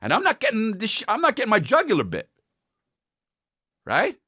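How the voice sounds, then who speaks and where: A man riffs through a crude comic story on his podcast, his voice swinging widely in pitch. He sits a little high for a man and keeps dropping into goofy impressions. The sound is dry and close. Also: moderate pace, husky, no room sound. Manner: animated, crude, jumps into goofy character voices. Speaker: podcast host. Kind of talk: comedic storytelling monologue.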